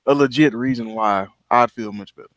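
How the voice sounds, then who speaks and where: A man's voice: medium pitch, fairly quick, fairly bright tone, no room sound. A man co-hosting a podcast, talking in laid-back slang and laughing often. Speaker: podcast co-host. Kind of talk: casual podcast banter.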